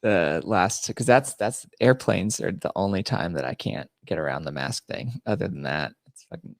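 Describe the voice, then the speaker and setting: A man's voice: low-pitched, lively intonation, normal speed, gravelly, no room sound, studio quality. A man co-hosting a podcast, telling stories in a mocking, laughing way during a casual chat. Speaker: podcast co-host.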